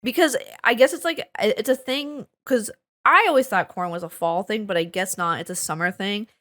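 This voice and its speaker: A woman's voice: medium pitch, normal speed, sharp tone. A woman co-hosting a casual chat. She is a little sniffly, swears often and acts out what people said as she tells her story. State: slightly sniffly. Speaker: podcast co-host. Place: at a table with co-hosts.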